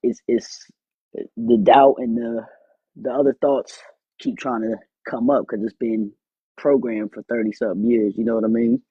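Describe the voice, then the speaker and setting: A man in a casual spiritual discussion, speaking in a reflective, halting and informal way. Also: mid-range voice, dark tone, slightly rough, no echo, dull audio.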